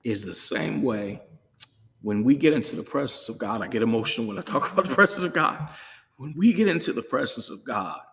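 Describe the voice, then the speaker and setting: A man's voice: mid-range voice, expressive, fairly quick, a bit bright. A middle-aged man, a pastor talking as a podcast guest in an earnest, emphatic way that drifts into preaching, often repeating words as he goes. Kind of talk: casual chat drifting into preaching. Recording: long reverb room.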